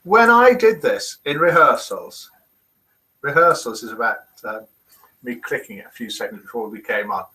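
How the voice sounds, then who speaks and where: A man's voice: mid-range voice, lively intonation, normal speed, sharp tone, poor audio. An older man hosts a live webcast quiz and reads out viewers' comments in a chatty way. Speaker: host of a live daily quiz and chat show. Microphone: desk microphone.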